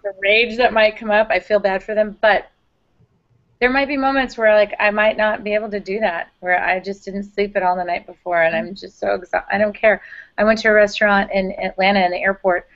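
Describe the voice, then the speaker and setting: A woman hosting a casual conversation, chatty and quick to laugh, who imitates the people in her stories. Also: mid-range voice, steady tone, fairly bright tone. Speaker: host. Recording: dull lo-fi recording.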